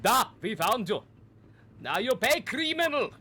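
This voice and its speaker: A man voicing a gruff male sailor with a put-on Russian accent, blunt, menacing and in broken phrasing. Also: very high voice, big pitch swings, unhurried, bright, forceful tone, full character voice. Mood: accusing.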